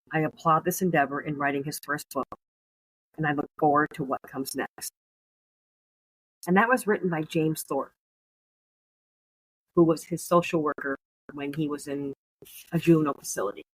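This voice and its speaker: A woman's voice: low voice, fairly bright tone, breathy edge, no echo, rough recording. A woman hosting a podcast, reading a letter aloud and commenting on it in an earnest, emotional way. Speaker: podcast host.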